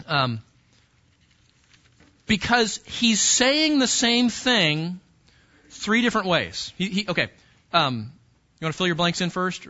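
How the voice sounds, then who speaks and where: Captured on dull audio, a man delivers a sermon straight to his congregation in an emphatic teaching style. His voice is on the high side and sharp in tone, and he frequently repeats words and starts over.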